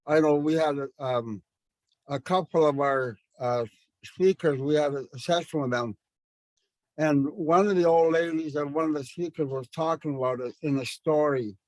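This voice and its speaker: A man's voice: fairly high pitch, a little mellow, no echo. A man teaching a language class to educators, speaking thoughtfully with many fillers and restarts. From Canada.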